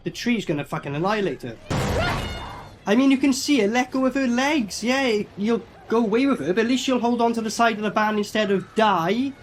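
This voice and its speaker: A man's voice: sits high, fairly quick, music in the background. A man giving a casual, sweary running commentary as he reviews a film. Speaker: movie reviewer.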